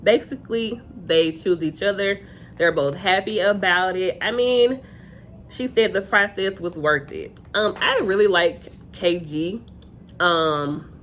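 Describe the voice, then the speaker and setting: A young woman with a somewhat low voice, talking through a dating show episode in a relaxed, chatty vlog manner. She leans on fillers like "um" and "you know" and slips into quoting people. A faint hiss sits behind her voice. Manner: chatty, filler-heavy, quotes cast members. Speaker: reality TV reviewer. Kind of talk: casual recap vlog.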